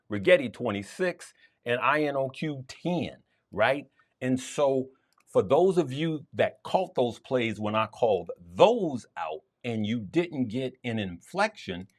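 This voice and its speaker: Man, trading show host, emphatic, repeats points for stress, pitch swinging widely. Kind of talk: market commentary to viewers.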